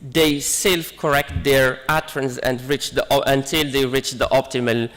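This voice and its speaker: A man's voice: mid-range voice, fairly even intonation, normal speed, a bit bright, big-room sound. A man giving an academic conference presentation, hesitant with many fillers and restarts. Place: conference hall.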